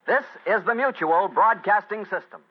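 A man's voice: sits high, normal speed, breathy edge. Genial 1940s radio announcer man. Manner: genial, chatty. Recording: dull old radio broadcast.

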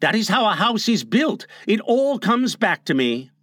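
A man's voice: sits high, very animated, a little slow, a bit bright, no room sound, clean studio sound, pitched above the performer's own voice, full character voice. Slightly, a man putting on a fussy make-believe boy doctor. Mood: mock-solemn. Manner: fussy, mock-solemn. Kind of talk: storybook reading.

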